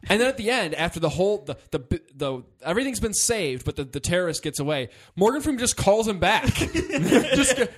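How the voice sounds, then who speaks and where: A man's voice: high-pitched, very animated, a little fast, few pauses. A man co-hosting a casual movie podcast, retelling scenes animatedly with laughter and swearing. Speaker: podcast co-host.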